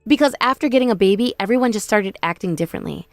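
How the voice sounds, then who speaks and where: A woman's voice: medium pitch, animated, fast talker, no room sound, soft background music, lightly acted. A woman voicing a remorseful young sister-in-law who pleads and whines for forgiveness. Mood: defensive. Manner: pleading, whiny, self-pitying.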